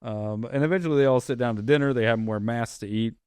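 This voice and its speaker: A man's voice: medium pitch, quick pace, darkish tone, smooth, dry recording. A man hosting a horror movie podcast, casually retelling scenes in a rambling, swearing way. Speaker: podcast host. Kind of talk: casual chat.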